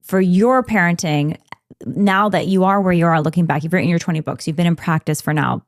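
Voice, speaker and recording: Low-voiced woman hosting an interview. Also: brisk, no room sound, studio quality. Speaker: podcast host. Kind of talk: conversational interview.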